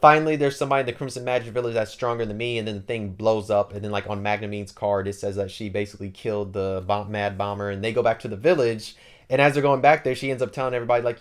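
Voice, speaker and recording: Quick, slangy male anime recapper who rambles and fills with "like". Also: lowish voice, steady tone. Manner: rambling, slangy, lots of fillers. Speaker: anime channel host. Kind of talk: casual anime plot recap.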